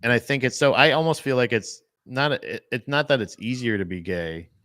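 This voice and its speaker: A man's voice: medium pitch, animated, brisk, fairly bright tone, dry recording, studio quality. A man co-hosting a podcast, rambling in casual banter with frequent restarts and laughter. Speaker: podcast co-host.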